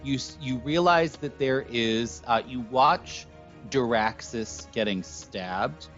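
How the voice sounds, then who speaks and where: A man runs a tabletop game as game master, his voice sitting at an ordinary pitch. He talks in halting bursts full of fillers while he works out the rules. The audio is dull and lo-fi, with faint music underneath. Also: a bit bright. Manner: hesitant, filler-heavy rulings.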